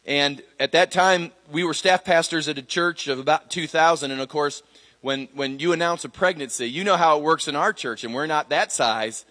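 Middle-aged male pastor, slightly high voice, chatty testimony with restarts, long hall reverb. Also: moderate pace, bright, forceful tone. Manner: conversational storytelling with many fillers and restarts. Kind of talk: sermon testimony.

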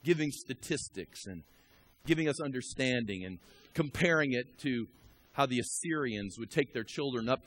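A man preaching a storytelling sermon who swings from a hushed murmur to shouting and exhorts the congregation directly. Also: medium pitch, breathy edge.

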